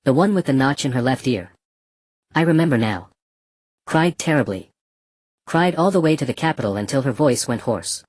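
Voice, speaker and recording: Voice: medium pitch, lively intonation, normal speed, pauses often, a little mellow, no room sound, studio quality, lightly acted. A narrator voicing a cruel, mocking male slave trader in a black robe, speaking casually and scornfully. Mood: cold mockery. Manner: casual, scornful, matter-of-fact.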